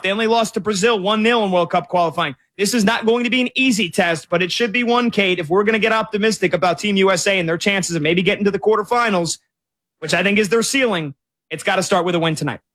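Bright high-voiced man talking soccer. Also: brisk. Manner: knowledgeable, rattles off stats, self-correcting. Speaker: co-host sports analyst. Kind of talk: casual sports talk.

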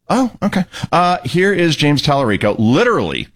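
A man's voice: fairly high pitch, sing-song, normal speed, fairly bright tone, slightly rough. A man hosting a political talk radio show, sarcastic and opinionated, cueing clips.

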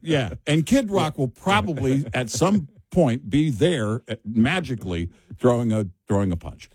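A man's voice: mid-range voice, expressive, measured pace, darkish tone, husky, no room sound. An American man co-hosting a casual chat, telling rambling stories full of restarts and asides. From United States.

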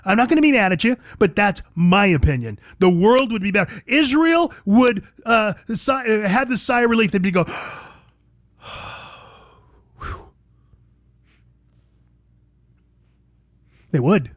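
Male talk radio host, high voice, dry close sound, emphatic, combative, repeats himself. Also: very animated, moderate pace, hardly any pauses, dry recording. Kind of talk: opinionated talk radio monologue.

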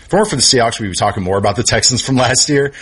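A man's voice: mid-range voice, racing, fairly bright tone, breathy edge. A man who is a football analyst guest, talking casually and enthusiastically as he thinks aloud through his picks. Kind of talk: casual sports talk.

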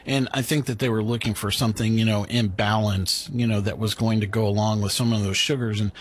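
A man's voice: on the low side, fairly even intonation, brisk, slight background noise. A man hosting a drinks show, chatting loosely with lots of fillers and restarts. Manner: loose, rambling talk with many fillers and restarts. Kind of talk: casual chat.

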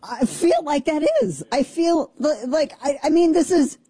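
A woman's voice: high voice, a little slow, warm tone, no room sound. A woman in her forties, co-hosting a casual on-air chat, telling stories with self-mocking asides. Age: 40s. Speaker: radio show co-host.

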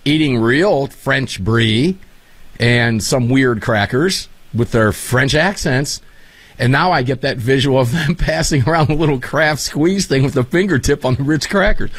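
A man hosting a casual talk show, telling animated, enthusiastic stories. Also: mid-range voice, measured pace, dry recording. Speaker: show host.

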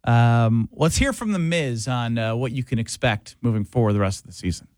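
Animated male sports radio host. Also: mid-range voice, background noise. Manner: animated, teasing, quick back-and-forth. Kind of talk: casual sports radio banter.

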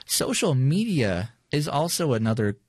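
A man's voice: mid-range voice, very animated, a little slow, a little mellow, slightly rough, no room sound, clean studio sound. A man co-hosting a podcast in casual chat, rambling with many fillers and restarts. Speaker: podcast co-host.

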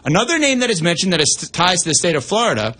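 A man hosting sports radio, reading the news and then giving brisk, opinionated analysis with asides into a studio mic. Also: high voice, big pitch swings, pushed and bright, husky.

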